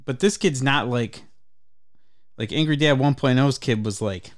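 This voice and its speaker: A man's voice: medium pitch, unhurried, no room sound, clean studio sound. A man co-hosting a casual podcast, telling rambling, profane stories about customers. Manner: rambling, profane, animated retelling. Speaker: podcast co-host and game store worker. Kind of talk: casual storytelling chat.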